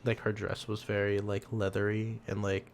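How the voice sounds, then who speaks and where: Young male co-host, lowish voice, rambling and laughing, slight background hiss. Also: flat delivery, moderate pace. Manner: rambling, laughs often, swears casually. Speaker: podcast co-host. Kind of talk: casual chat.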